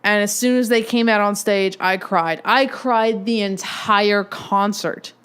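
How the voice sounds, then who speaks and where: A woman in her twenties hosting a casual solo podcast, telling a rambling, excitable fan story. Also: mid-range voice, unhurried, clear, resonant tone. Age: 20s. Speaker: podcast host.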